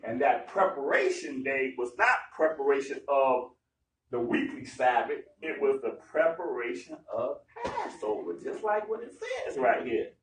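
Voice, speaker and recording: A man's voice: mid-range voice, big pitch swings, a little slow, distant mic, slight background noise. A man leading a Bible study. He speaks emphatically in slang and acts out the people in the story. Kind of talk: animated sermon-style Bible teaching. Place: gathering room. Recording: echoey room, heard from afar.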